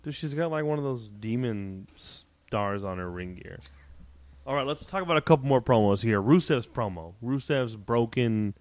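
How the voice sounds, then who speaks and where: A man co-hosting a podcast, arguing his points in animated, casual chat. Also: mid-range voice, no room sound. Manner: animated and argumentative, drawn-out casual filler. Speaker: podcast co-host.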